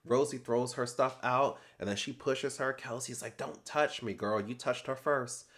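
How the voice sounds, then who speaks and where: A young adult man breaks down a reality TV episode in lively, sassy commentary, acting out lines and adding slangy asides. He speaks at a moderate pace in a mid-range voice.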